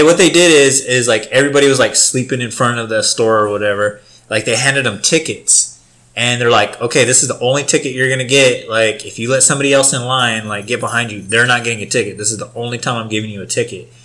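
A man's voice: medium pitch, a bit bright. A young man telling a rambling, profane story in casual chat, full of filler words.

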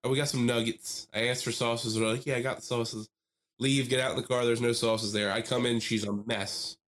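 A young man in casual podcast chat, telling stories with lots of energy. He swears freely, and his voice climbs high when he acts out the people he quotes. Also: level tone, brisk, a bit bright. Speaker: podcast co-host.

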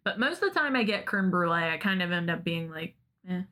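A woman's voice: lowish voice, expressive, quick pace, sharp tone. A woman co-hosting a casual podcast, interviewing and teasing her friend with amusement. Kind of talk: casual chat.

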